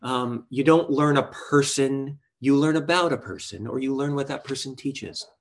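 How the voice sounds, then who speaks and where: Guy doing a snooty grammar nerd voice, low and quiet, rolling his eyes. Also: normal speed, a little hiss or hum, lightly acted. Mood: scoffing. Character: fussy eye-rolling male Greek grammar pedant.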